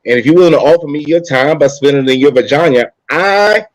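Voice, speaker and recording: A brash man in casual podcast chat. He talks up his own worth with plenty of swearing. His voice sits high and sounds dry and close. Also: fast talker, no room sound, poor audio. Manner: boastful, brash, swears freely.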